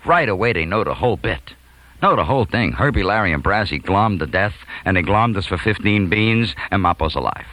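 A man telling a comic school anecdote, chuckling and swinging from hushed to loud. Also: low-pitched, fairly quick, rough recording. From New York. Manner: animated, chuckling, big swings from quiet to loud. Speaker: storyteller. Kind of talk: comic anecdote told to an audience.

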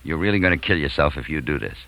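Man doing a smooth-talking street-smart teen. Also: rumbling low, animated, quick pace, pushed and bright, voice pushed down, exaggerated voice, rough recording. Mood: coaxing. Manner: persuasive, coaxing, street-smart. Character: cocky teenage boy, smooth-talking schemer.

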